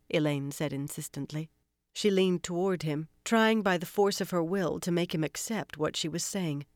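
Fantasy audiobook reader, steady mid voice, dry close mic. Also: medium pitch, normal speed, no room sound. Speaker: audiobook narrator. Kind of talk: scripted fantasy narration.

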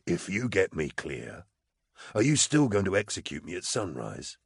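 A placid condemned prisoner, calm and detached, as a male narrator voices him in an audiobook. The voice sits very deep and low in the chest and is softer than the narration around it. It is recorded close and dry. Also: normal speed, gravelly, slightly rough, no room sound, heavily acted. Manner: placid, reasoned, quietly detached.

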